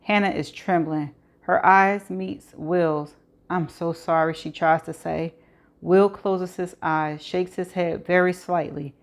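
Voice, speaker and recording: A woman reading a thriller novel aloud in steady narration with occasional stumbles and restarts. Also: on the low side, takes it slowly. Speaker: audiobook reader.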